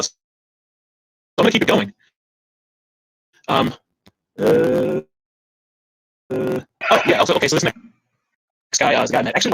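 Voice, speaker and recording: A man's voice: mid-range voice, vocal fry, a bit bright, slightly rough, rough recording. A man emceeing a comedy show, rambling and upbeat, with many fillers.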